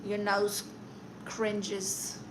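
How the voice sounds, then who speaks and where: A woman's voice: mid-range voice, monotone, extremely slow, background noise. A woman with a Brooklyn accent hosting a casual live stream, reading chat comments aloud and roasting viewers in a sassy, playful way.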